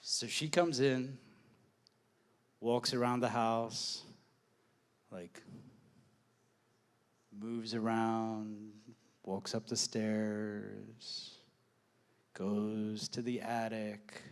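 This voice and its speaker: A man's voice: lowish voice, very slow, long pauses. A man telling a personal story on stage, acting out quoted dialogue and laughing as he goes. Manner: animated, acts out quoted dialogue, laughs often.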